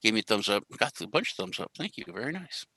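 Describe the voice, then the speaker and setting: This young crypto show host, from the US Central Time Zone, rambles through a casual live stream with self-deprecating jokes. His voice is fairly low-pitched, fast, bright, and forceful, with big pitch swings. The recording is dry and low-quality.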